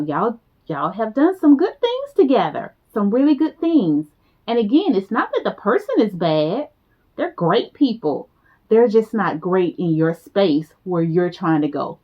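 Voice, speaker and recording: A woman giving a motivational talk to her viewers, casual and emphatic, repeating key phrases for weight. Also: mid-range voice. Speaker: motivational speaker. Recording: slightly dull lo-fi sound.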